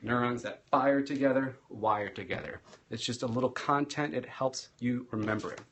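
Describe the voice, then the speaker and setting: A man who is a teacher and speaking coach, giving an energetic live-streamed teaching talk and varying his loudness and pace for emphasis. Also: mid-range voice, moderate pace, a little hiss or hum.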